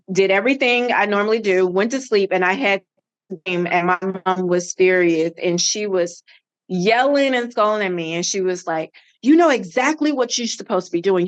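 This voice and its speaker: Woman telling her story as a guest. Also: mid-range voice. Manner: animated, acts out quoted dialogue. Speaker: podcast guest. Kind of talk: personal storytelling in an interview.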